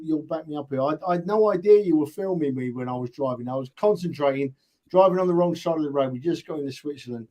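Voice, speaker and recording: An older man speaks with earnest feeling as co-host of a fan chat. He stumbles over his first words, then presses his point. His voice is a bit higher than usual for a man. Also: quick pace, mellow. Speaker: podcast co-host.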